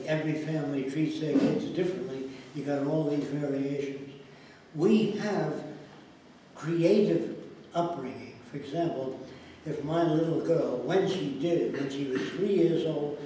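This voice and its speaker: This interviewee has a fairly high pitch and a dark tone, and he illustrates his ideas with anecdotes, voicing each person he quotes. There's slight background noise, and the audio comes from a distant mic in an echoey room with faint ambience.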